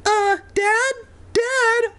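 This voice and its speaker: A man voicing a frightened boy shrunk to the size of a mouse, with a tiny squeaky high voice. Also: fairly even intonation, very slow, sharp tone, exaggerated voice. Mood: panicked.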